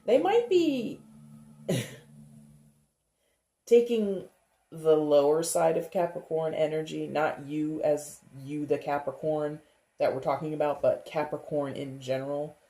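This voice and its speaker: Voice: medium pitch, a little slow, pauses often, warm tone. A tarot reader giving a casual reading, chatty and thinking aloud, with frequent laughs. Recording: roomy echo.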